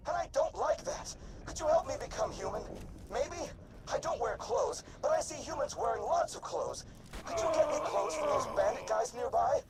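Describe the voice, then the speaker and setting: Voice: sits high, very animated, normal speed, vocal fry, loud music behind the voice, full character voice. An actor voicing a childlike robot who longs to become human, talking eagerly in simple, cheerful phrases.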